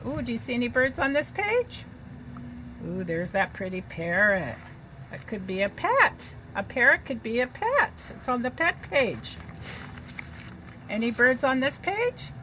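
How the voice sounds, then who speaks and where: A woman teaching young children to read, reading a picture book aloud in a slow, sing-song way and sounding out letters. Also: fairly high pitch, pushed and bright, slight background noise, poor audio.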